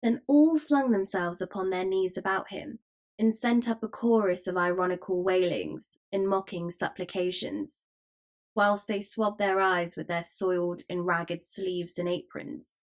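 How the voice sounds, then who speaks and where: A woman's voice: fairly low pitch, fairly even intonation. Woman narrating a classic novel. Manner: measured, storytelling. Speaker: audiobook narrator. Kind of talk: scripted narration.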